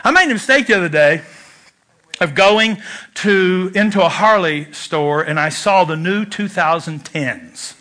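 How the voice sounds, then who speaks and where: A man preaching a sermon in church, joking and animated, swinging from loud urging to hushed asides. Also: sits high, measured pace. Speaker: pastor.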